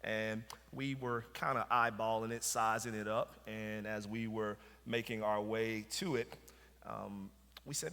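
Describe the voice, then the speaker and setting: A man's voice: fairly low pitch, steady tone, a little slow, sharp tone. A man with a Southern US accent preaching a sermon, telling a story and then pressing his points with emphasis. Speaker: pastor. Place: church sanctuary. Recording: church hall reverb.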